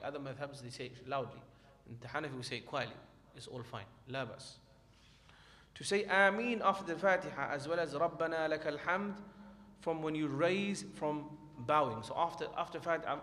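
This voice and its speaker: Fast-talking male teacher in echoey hall. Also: on the high side, lively intonation, a bit bright. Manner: explanatory, reassuring, reads from a textbook with footnotes. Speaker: Islamic studies teacher. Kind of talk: classroom lesson on prayer. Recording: long hall reverb, faint background noise.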